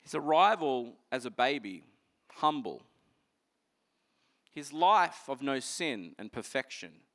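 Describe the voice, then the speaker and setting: A man preaching a sermon, earnestly explaining scripture and moving between energetic passages and hushed ones. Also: medium pitch, slow pace.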